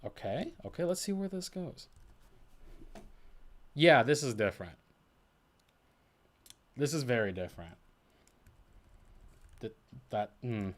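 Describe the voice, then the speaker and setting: Guy rambling on his stream, keeps restarting sentences, voice jumps all over the place pitch-wise. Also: slow pace, long pauses. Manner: rambling, self-correcting, thinking aloud with many restarts; swings between low mumbles and bursts of high animated emphasis. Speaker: VTuber streamer. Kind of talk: casual solo stream chat.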